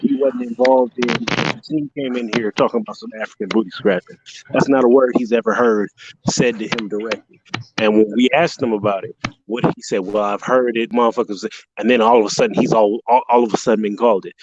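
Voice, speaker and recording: A man's voice: mid-range voice, fairly even intonation, a little fast, dull audio, noisy background. A man co-hosting a casual online panel, blunt and profane, mocking as he talks. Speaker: podcast co-host.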